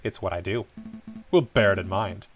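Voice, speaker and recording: A man voicing a smooth, scheming male fox investigator in a game, in a low, formal, suave manner. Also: moderate pace, soft background music, natural voice. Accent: put-on Spanish accent.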